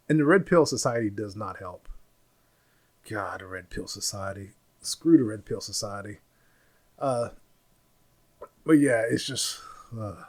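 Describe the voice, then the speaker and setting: A man hosting a podcast, talking through his opinions in a loose, rambling solo monologue, and popping into a louder, higher voice when he quotes people. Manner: rambling, opinionated, mimics others in raised voice. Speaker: podcast host. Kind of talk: casual monologue.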